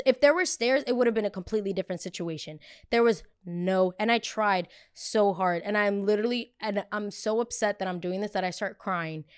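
Smooth-voiced young woman, candid. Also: mid-range voice. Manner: candid, animated, swears freely. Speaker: podcast host. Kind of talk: casual confessional storytelling.

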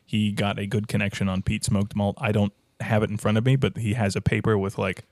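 A man's voice: fairly low pitch, little pitch movement, a little fast, a little mellow, no room sound, studio quality. A man, a head brewer and podcast guest, talking shop in a rambling, technical, think-aloud way. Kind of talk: casual chat.

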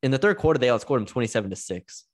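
A man co-hosts a sports podcast, rattling off scores and stats in casual chat and occasionally tripping over a word. His medium-pitched voice is animated and racing.

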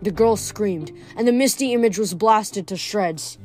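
A woman reading a novel aloud in steady storytelling, with small slips, faint music behind. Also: mid-range voice, measured pace. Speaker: reader.

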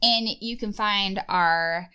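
Woman podcast co-host with a smooth, clear voice and a mid-range pitch who chats casually and fills pauses with "like". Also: pushed and bright. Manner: chatty, uses many "like" fillers. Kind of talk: casual chat.

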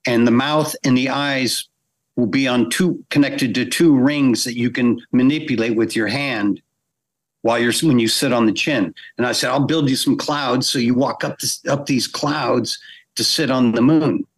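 Middle-aged guy telling a story on a podcast, mid pitch, really gets into the voices he quotes. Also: fairly even intonation, moderate pace. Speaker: guest animator.

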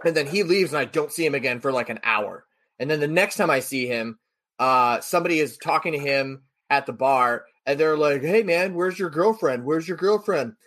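A man on a podcast telling a story in a casual, animated way, acting out the people he quotes. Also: mid-range voice, brisk.

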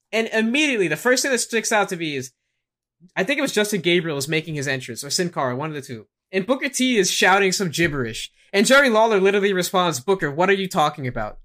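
A man hosting a wrestling podcast in casual chat, animated and laughing often as he acts out quotes. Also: high-pitched. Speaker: podcast host.

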